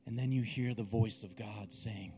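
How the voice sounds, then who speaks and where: Warm-voiced male preacher, intimate delivery. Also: lowish voice, steady tone, gravelly, soft background music. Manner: slow, intimate, dramatic delivery. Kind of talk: sermon with guided visualization.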